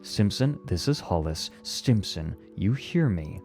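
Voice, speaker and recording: A tense, steady spaceman calling out firmly, a touch higher than the deep reading voice, as a man acts him out. Faint music hums behind him. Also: slow pace, heavily acted. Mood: urgent.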